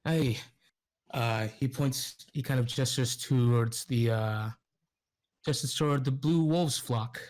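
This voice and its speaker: Male game master, halting narration with fillers, on a voice call. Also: mid-range voice, darkish tone. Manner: halting, many fillers, laughs often.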